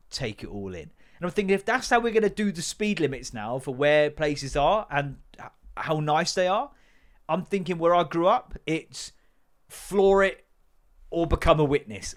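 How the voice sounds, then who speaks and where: A man riffing through a sweary, rambling comic rant as a podcast host. His voice sits a touch high for a man. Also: fairly bright tone. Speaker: podcast host and stand-up comedian.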